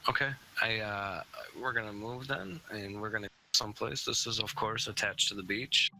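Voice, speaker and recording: Male GM for an online tabletop game; lowish, very bright voice, stop-start phrasing. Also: vocal fry, a little hiss or hum. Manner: halting, full of fillers. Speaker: game master.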